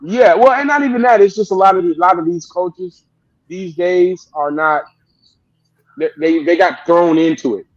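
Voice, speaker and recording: A man's voice: high-pitched, normal speed, lo-fi sound. A man in his late thirties, a youth coach, talking animatedly and rambling with lots of restarts in a casual interview. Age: 30s. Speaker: youth football coach, guest.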